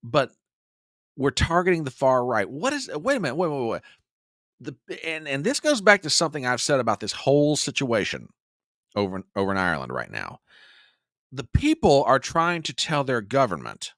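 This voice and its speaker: A man hosting a casual political commentary show, talking to his listeners in a folksy, animated way. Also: mid-range voice, normal speed, pauses often, dry recording, studio quality. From United States. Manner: animated, folksy, talks to the audience as "y'all". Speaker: podcast host.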